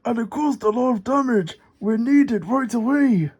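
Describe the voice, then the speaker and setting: A man reading a storybook aloud and voicing a friendly builder giving quick instructions to his team. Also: very high voice, darkish tone, slightly rough, voice pushed up. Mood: brisk. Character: cheerful capable male builder, calm leader.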